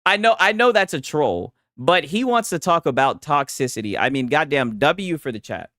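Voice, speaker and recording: A man's voice: a little high, normal speed, no echo. Man streamer, reaction commentary, swings up and down a lot, dry close sound, crude trash talk. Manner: animated, profane trash talk. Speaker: streamer host.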